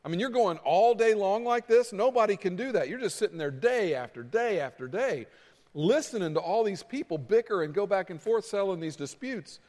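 A man's voice: high-pitched, lively intonation, moderate pace, darkish tone, big-room sound. A preacher acting out an incredulous older man who scolds his son-in-law. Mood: exasperated. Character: exasperated older man, a visiting father-in-law.

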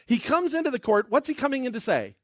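A man preaches with a bright, high-pitched voice that swoops up and down as he retells a scripture story. He drops in playful character bits and jokes along the way. The sound is dry, with no room echo. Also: very animated. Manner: playful, acts out the characters in quick asides. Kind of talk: animated sermon retelling a Bible story.

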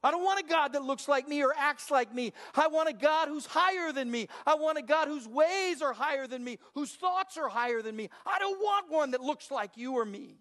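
A man's voice: very high voice, animated, moderate pace, few pauses, fairly bright tone. An older man preaching a sermon as a pastor, emphatic, with a repetitive preaching cadence. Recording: long hall reverb.

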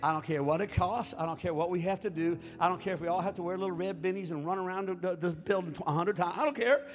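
A man preaching a sermon as pastor, swinging between impassioned shouting and quiet asides. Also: high voice, fast talker, in a large hall, soft background music. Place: church.

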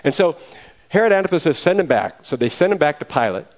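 A man preaching a storytelling sermon, retelling events in a lively way with acted quotes. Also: a little high, fast talker, poor audio.

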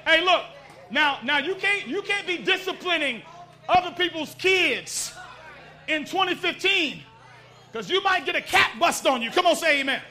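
High, bright-voiced fervent male preacher. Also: lively intonation, moderate pace. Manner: fervent preaching with call-and-response to the congregation. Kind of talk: sermon.

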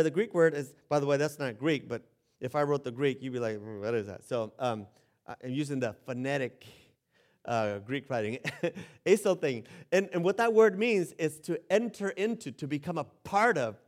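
A man's voice: fairly high pitch, expressive, normal speed. A man preaching a sermon in a conversational way, joking about himself and often restarting phrases. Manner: conversational, self-deprecating, with laughs and restarts. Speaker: pastor.

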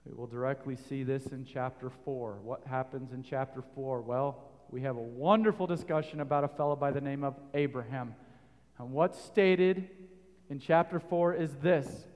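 A man preaching a sermon, rising to loud emphatic peaks and putting questions to his listeners. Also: mid-range voice, normal speed, in a large hall.

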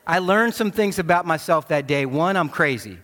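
A man preaching in a large church, his slightly high voice trailing off into a long hall reverb. He tells his story with energy and acts out the voices he quotes. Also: normal speed. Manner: animated storytelling, acting out quotes. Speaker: pastor. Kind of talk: sermon with personal story.

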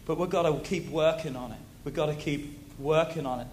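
A man preaching a sermon to a congregation, animated, repeating key phrases and asking the audience questions. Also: on the high side, a little fast, slight background noise.

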